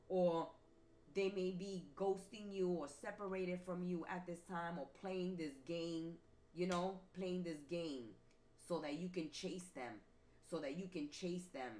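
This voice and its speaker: Emphatic woman giving a slow tarot reading. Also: fairly low pitch, fairly even intonation, darkish tone. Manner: emphatic, repetitive, preachy. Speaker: tarot reader. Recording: roomy with faint ambient noise.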